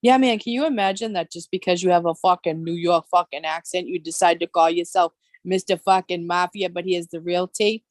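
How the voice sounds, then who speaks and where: A woman's voice: on the low side, brisk, few pauses, no echo. A woman hosting a casual livestream chat, talking bluntly and swearing constantly as she rants. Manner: blunt, heavy swearing, animated ranting. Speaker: live stream host.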